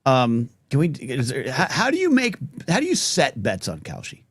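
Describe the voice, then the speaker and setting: A man's voice: mid-range voice, huge pitch swings, normal speed, breathy edge, no echo. A man hosting a live talk show, upbeat, reading chat questions and poll results. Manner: upbeat, frequent back-channel "mm-hmm". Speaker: host.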